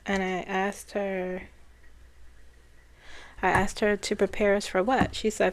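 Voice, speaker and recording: A woman who is a spiritual channeler, talking in a soft-spoken, reflective way and laughing often. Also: medium pitch, flat delivery, slow pace. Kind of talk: casual spiritual talk.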